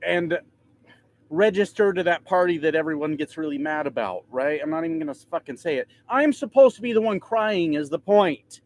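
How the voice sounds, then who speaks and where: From the cab of his truck, this trucker vlogger in his thirties rants casually to his audience, swearing and poking fun at himself. His voice is fairly high and animated, at normal speed.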